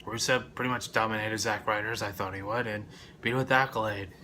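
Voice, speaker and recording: A young man rambling through a casual wrestling review, swearing often and breaking into loud outbursts. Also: lowish voice, steady tone, quick pace, a little hiss or hum.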